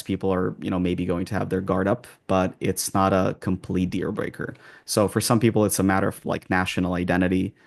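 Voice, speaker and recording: A low-voiced man giving advice as an accent coach in an interview. His voice is gravelly and sits on the low side. He speaks in a calm, measured way and often pauses and restarts his phrases. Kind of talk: interview answers.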